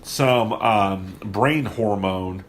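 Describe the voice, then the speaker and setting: Speaking very slowly in a fairly low voice, this podcast host chats casually about movies while a crowd murmurs behind him. His talk wanders, packed with fillers and false starts, and he's recording remotely from a guest's home.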